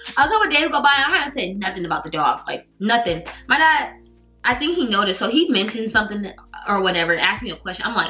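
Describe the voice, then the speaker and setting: Bright, animated young woman vlogger. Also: on the high side, fast talker, soft background music, rough recording. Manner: animated, slangy, heavy use of "like". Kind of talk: casual storytime. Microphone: camera mic.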